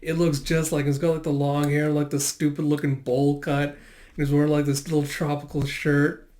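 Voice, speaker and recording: A man's voice: on the high side, completely flat delivery, moderate pace, a little mellow. A man reading through a manga chapter and commenting in a rambling, irreverent way, with plenty of fillers. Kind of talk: casual chapter read-through.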